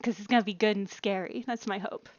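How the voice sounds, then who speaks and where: A woman's voice: mid-range voice, steady tone, dry recording, dull audio. Chatty woman hosting a game stream. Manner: chatty, upbeat, quick to laugh. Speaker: stream host. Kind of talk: casual group chat on a game stream. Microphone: headset over voice chat.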